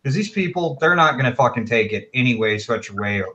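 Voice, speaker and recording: A man's voice: mid-range voice, animated, fairly quick, sharp tone. A man in a casual online chat, ranting emphatically and swearing.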